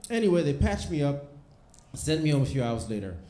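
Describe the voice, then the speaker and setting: A man's voice: a little high, big pitch swings, fairly quick, warm tone. A man doing a stand-up comedy set on a theater stage, telling stories in a brash, punchy way and acting out the other people's lines. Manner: brash, punchy storytelling with acted-out dialogue. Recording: echoey theater room, faint noise. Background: audience laughter.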